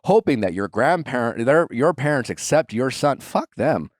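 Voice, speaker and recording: Giving casual advice on his podcast, a thirtysomething host speaks bluntly, with emphasis and plenty of swearing. His medium-pitched, sing-song voice moves at a moderate pace, recorded with clean studio sound and no room sound.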